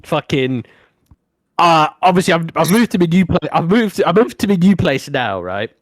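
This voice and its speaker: A young man originally from Africa, co-hosting a podcast and telling a long story in a casual, swearing, animated way. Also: a little high, moderate pace, dry recording. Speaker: podcast co-host.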